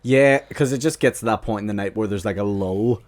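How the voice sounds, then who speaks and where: Giggly guest, low voice. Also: male voice, fairly quick, dry recording. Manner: giggly, playful storytelling. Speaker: podcast guest. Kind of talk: casual comedic chat.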